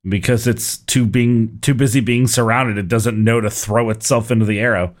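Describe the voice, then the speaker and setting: A man's voice: mid-range voice, steady tone, normal speed. A man running a tabletop game as game master, casual, swearing freely and laughing often.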